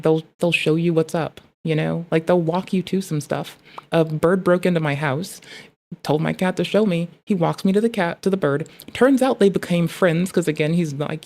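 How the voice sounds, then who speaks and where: A young adult streamer ranting in casual chat, swearing often and rambling about pet training. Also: medium pitch. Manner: profane, rambling, animated.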